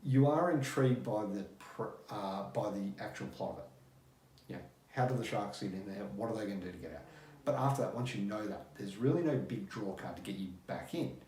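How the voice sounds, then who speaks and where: A man's voice: fairly low pitch, lively intonation, a little fast, darkish tone, a little hiss or hum. A man reviewing a movie in a chatty, loose way, with fillers and blunt swearing. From Australia. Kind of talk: casual spoken review. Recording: echoey room.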